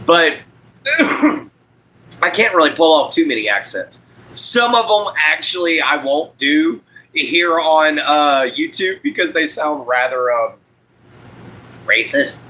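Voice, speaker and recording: Young American male host, casual live-stream chatter with frequent laughs, a bright and lively voice. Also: on the high side, very slow, long pauses, low-quality recording. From United States. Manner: chatty, laughs often, reads out chat. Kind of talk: casual chat with viewers.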